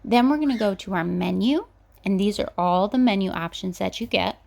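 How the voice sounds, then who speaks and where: A woman's voice: mid-range voice, moderate pace, vocal fry. Woman vlogger, chatty and upbeat, walks viewers through an app review. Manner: excited, chatty, addresses viewers directly. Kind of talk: casual screen-walkthrough chat.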